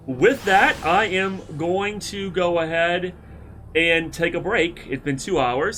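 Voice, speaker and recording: A man with a cold and congested chest chatting casually while streaming a game, rambling with throat-clearing. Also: on the high side, fairly bright tone, slight background noise.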